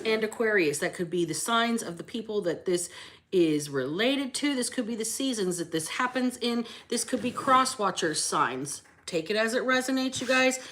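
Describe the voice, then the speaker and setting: A woman's voice: medium pitch, a bit bright, slight background noise. A woman hosting a casual tarot reading, brash and chatty, swearing freely and greeting her viewers. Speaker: tarot reader and channel host.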